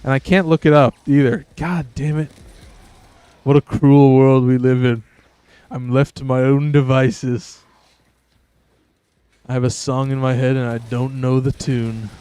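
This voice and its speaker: A man's voice: medium pitch, little pitch movement, unhurried, pauses often, dark tone, clean tone, dry recording. A man giving casual, profane, self-amused commentary while playing a video game. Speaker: gaming streamer.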